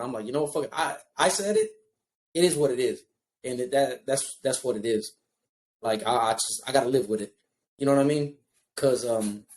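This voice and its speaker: A man telling a story in casual podcast chat, profane and animated. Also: medium pitch. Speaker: podcast co-host.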